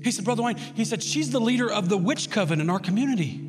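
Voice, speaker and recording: A man preaching a sermon, telling a story with lively swings into shouting. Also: high voice, fast. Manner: animated storytelling, bursts into shouts. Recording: long hall reverb with loud music.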